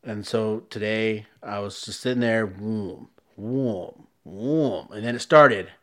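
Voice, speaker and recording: A man co-hosting a podcast, telling a story in casual chat and acting out other people's voices with big jumps in pitch. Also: level tone, moderate pace, a bit bright, smooth. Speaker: podcast co-host.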